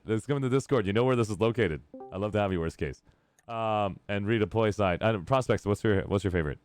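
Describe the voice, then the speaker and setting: A man hosting a casual gaming live stream, upbeat and rambling and quick to laugh. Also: on the low side, darkish tone, smooth, dry recording. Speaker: streamer host.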